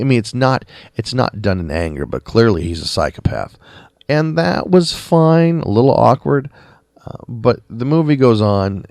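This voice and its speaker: Rambling man with a lively voice. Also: on the low side, no room sound, studio quality. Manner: rambling, conversational, with quick mimicked quotes. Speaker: podcast movie reviewer. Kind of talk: casual spoken review. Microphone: podcast mic.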